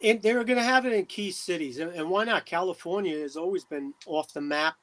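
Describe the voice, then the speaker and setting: A middle-aged man from New Jersey, a mayor as a talk show guest, speaking emphatically with many pauses and fillers. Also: high voice, fairly bright tone. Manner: emphatic, preachy, trailing off with many uh's. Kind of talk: casual interview talk.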